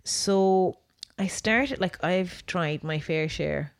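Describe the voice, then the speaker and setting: A woman with a lowish voice, recorded dry and close to the mic. She chats playfully on a podcast and laughs often. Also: takes it slowly, dry recording. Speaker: podcast co-host. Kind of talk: casual chat.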